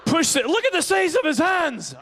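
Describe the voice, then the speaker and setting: A man's voice: wildly swooping pitch, moderate pace, gravelly, exaggerated voice. A man voicing a boisterous male Scottish doctor in a delivery room, with a put-on Scottish accent. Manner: loud, hearty, high-pitched.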